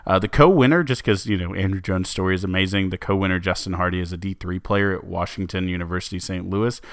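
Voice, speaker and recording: A man's voice: sits low, fast, no room sound, clean studio sound. A man co-hosting a sports podcast, chatting casually with lots of fillers and restarts. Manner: chatty, many fillers and restarts, laughs easily. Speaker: podcast co-host.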